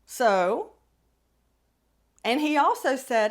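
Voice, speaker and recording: A woman's voice: a little high, sing-song, slow pace, a bit bright. A middle-aged woman hosting a podcast, telling a personal story in a candid, wry way. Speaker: podcast host.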